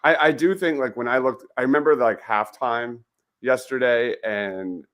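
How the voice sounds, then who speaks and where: Man host, middle pitch, casual football talk, halting then emphatic. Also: fairly bright tone. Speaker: podcast host. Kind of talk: casual sports chat.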